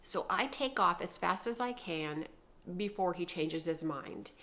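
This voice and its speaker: A woman vlogger telling a personal story in an animated, dramatic way, swinging between loud bursts and hushed asides. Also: fairly low pitch, measured pace.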